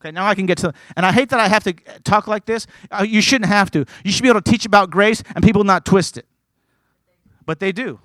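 A man's voice: sits high, fast, fairly bright tone, no room sound. A man preaching a sermon who reads scripture aloud with earnest emphasis and slips into conversational asides, stumbling and repeating words.

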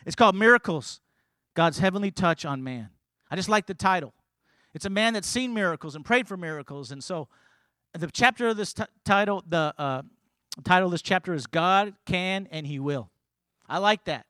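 A man preaching a sermon as pastor, emphatic and building to loud, forceful passages. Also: high voice, animated, normal speed, no room sound.

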